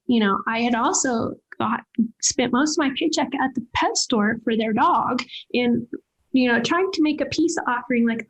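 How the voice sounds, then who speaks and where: A woman's voice: on the high side, rough recording. A woman veterinarian, a podcast guest, telling a personal story earnestly and emotionally, often restarting her sentences. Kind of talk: candid interview storytelling.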